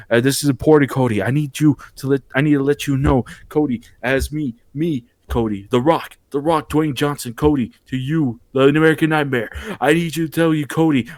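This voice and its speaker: A man's voice: a little mellow, no echo, close to an everyday voice. A man doing a playful impression of a boastful male wrestling superstar who keeps repeating the name of the person he is talking to. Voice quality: booming, repeats the listener's name.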